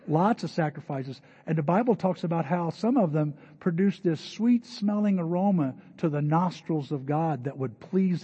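A man's voice: on the high side, warm tone, husky. An older man preaching a sermon in a conversational, storytelling way, addressing a church congregation. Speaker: pastor. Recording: dull lo-fi recording with long hall reverb.

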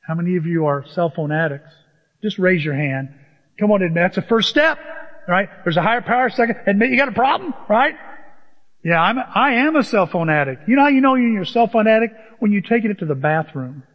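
A man's voice: high voice, lively intonation, a little fast. A man preaching a sermon as pastor, conversational and humorous, rising to emphatic peaks. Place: church. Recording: dull sound with long church reverb.

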